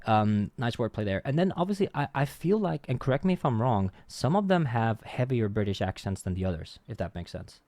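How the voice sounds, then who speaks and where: A man's voice: mid-range voice, sing-song, brisk, few pauses, darkish tone, no echo. A young man hosting a music reaction, chatting casually and humming the instrument parts he hears. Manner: chatty, hums instrument sounds, self-correcting. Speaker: reaction channel host.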